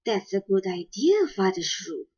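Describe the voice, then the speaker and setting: A woman's voice: medium pitch, sing-song, measured pace, darkish tone, slightly rough, lo-fi sound. A woman voicing a quarrelsome female shrew mother who screeches defiant denials, in a storybook reading. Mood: scheming.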